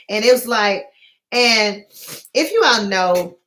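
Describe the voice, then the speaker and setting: A woman's voice: medium pitch, slow, a bit bright. A woman vlogging as a dream interpreter, talking loosely and earnestly to her viewers and often calling them y'all. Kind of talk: casual talk to camera.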